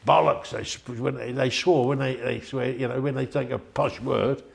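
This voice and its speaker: A man's voice: medium pitch, flat delivery, moderate pace, vocal fry, slight background noise. An older man, telling a rambling, chatty story in an interview and acting out the voices of the people in it. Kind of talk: anecdotal storytelling.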